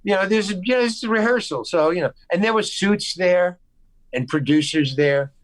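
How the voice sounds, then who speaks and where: American guy telling a story on a video call, kinda high voice, dry close sound, keeps restarting and doing the voices. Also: normal speed, no echo, rough recording. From United States. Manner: animated anecdote-telling with restarts and acted-out quotes. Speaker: guest actor. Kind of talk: casual storytelling interview.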